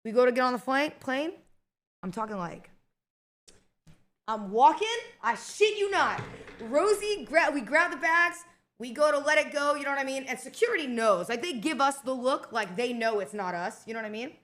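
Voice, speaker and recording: A young adult woman streamer telling a heated story to her chat in a casual, swearing, animated way. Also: high-pitched, normal speed.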